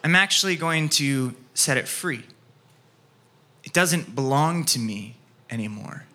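Animated, bright-voiced male pastor. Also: medium pitch, measured pace. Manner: animated storytelling, acts out scenes, drops soft for key points. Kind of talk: sermon with personal story.

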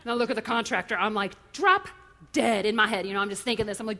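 A woman preaching an animated, impassioned sermon that leans on storytelling. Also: mid-range voice, fast.

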